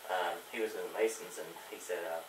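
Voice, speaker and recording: A man's voice: sits low, steady tone, fairly quick. A man teaching a church Bible class, with lots of fillers and restarts. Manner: rambling, many fillers and restarts. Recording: echoey room, mic far off, faint hiss.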